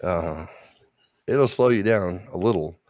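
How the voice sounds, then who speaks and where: A man's voice: deep voice, slow, a little mellow, no room sound, highs cut off. A man co-hosting an online talk show, telling crude stories in a rambling, joking way. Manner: rambling, joking, voices quoted people. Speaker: podcast co-host. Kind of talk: casual chat, crude storytelling.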